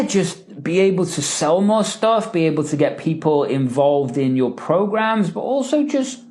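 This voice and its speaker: A man hosting a live Q&A session, teaching persuasive phrasing and acting out example lines with emphasis, often chuckling and checking in with "right?" and "okay?". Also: sits high. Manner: animated, acts out example lines with rising and falling emphasis; frequent "right?" and "okay?" tags, chuckles between points. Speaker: podcast host and coach.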